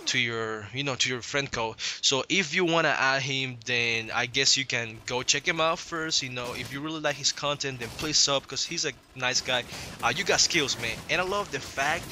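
A man's voice: medium pitch, moderate pace, bright, forceful tone, slight background noise. A young man with an accent hosting a gaming video, hyped and slangy, swearing freely as he chats with a guest. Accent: non-native English accent. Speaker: gaming channel host. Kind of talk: casual gameplay commentary.

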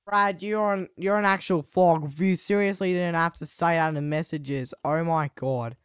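A young man commentating a live game, switching between muttered asides and sudden excited shouts. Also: fairly high pitch, normal speed, clear, resonant tone, no echo, clean studio sound. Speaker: sports commentator.

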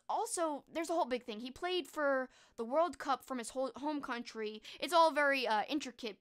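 A woman's voice: fairly high pitch, a bit bright. A young adult woman streaming, chatting casually and enthusiastically about favorite movies, gushing and restarting her sentences. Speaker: streamer and horror book host. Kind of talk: casual live-stream chat.

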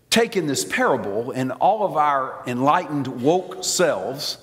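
Animated Southern preacher in a reverberant church. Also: male voice, a little high, measured pace, hardly any pauses. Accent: Southern American. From Alabama. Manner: animated, theatrical storytelling with quoted voices. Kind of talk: sermon. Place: large church sanctuary.

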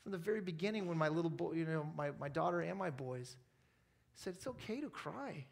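A man with a notably high voice preaching at a church service in an American accent. He talks earnestly and conversationally, dropping easily into personal stories and light asides. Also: fairly quick, vocal fry. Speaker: pastor. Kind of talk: sermon.

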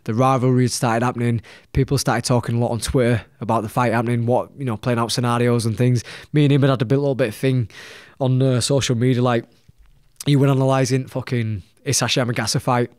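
A man's voice: medium pitch, little pitch movement, fast talker, a little mellow, clean tone, no echo, clean studio sound. A young man with a Leeds accent, a boxer telling his story as a podcast guest, blunt and swearing constantly. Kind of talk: casual storytelling.

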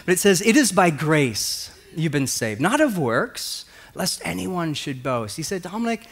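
A man's voice: on the high side, sing-song, a little slow, husky. A male pastor preaching a sermon, telling a personal story and acting out the voices of the people in it.

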